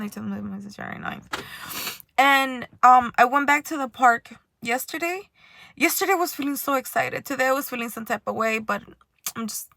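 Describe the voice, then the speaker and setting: A woman with a high, bright voice tells a casual, rambling story about her day. She talks with lots of fillers and frequent laughter. The sound is dry and close, with no room echo. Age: adult. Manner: rambling and animated, often laughing. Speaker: spiritual vlogger.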